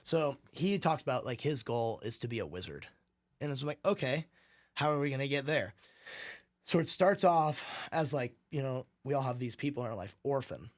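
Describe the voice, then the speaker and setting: Young male guest, casual and animated, slips into voices as he retells conversations. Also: medium pitch, moderate pace. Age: young adult. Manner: animated, swearing, acts out quoted voices. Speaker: podcast guest, real estate team leader.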